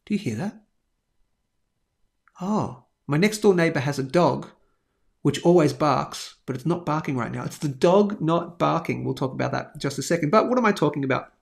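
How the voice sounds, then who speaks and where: A man's voice: a little high, expressive, fairly quick, vocal fry. A man hosting a live precious metals stream, chatting in a rambling way and reading viewer comments. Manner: chatty, rambling, lots of fillers and asides. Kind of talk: casual live-stream chat and product plug.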